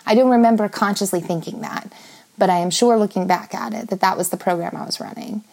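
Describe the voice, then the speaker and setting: A woman's voice: mid-range voice, fast, gravelly, darkish tone. A woman in her thirties telling a personal story in a candid, confessional way, full of fillers and swearing.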